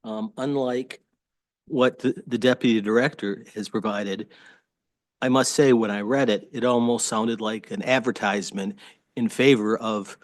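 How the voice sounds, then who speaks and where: A man's voice: fairly low pitch, steady tone, no room sound. Attorney at a public hearing: a man, hesitant testimony with many restarts, dry and close-miked. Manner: hesitant, halting, frequent restarts. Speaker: attorney addressing a state board. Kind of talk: formal testimony at a public meeting. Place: government hearing room.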